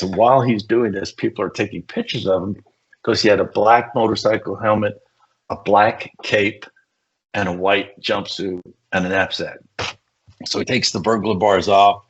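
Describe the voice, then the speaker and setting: An older man with a husky, slightly low voice tells animated police stories. His recording sounds a little muffled and lo-fi. He slips into the voices of the people he quotes as he goes. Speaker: guest, retired police SWAT negotiator. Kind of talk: casual storytelling.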